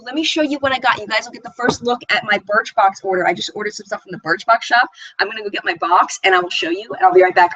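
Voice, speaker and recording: A woman's voice: mid-range voice, pushed and bright, husky, lo-fi sound. A woman hosting a beauty live chat, reading viewer comments aloud and chatting in a rambling way. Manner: chatty and rambling, often laughing. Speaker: beauty channel host.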